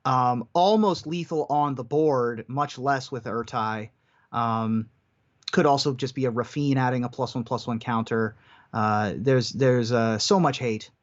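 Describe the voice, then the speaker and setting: A man's voice: medium pitch, unhurried. A man commentating a card game tournament live, giving analytical play-by-play. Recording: dull lo-fi stream audio.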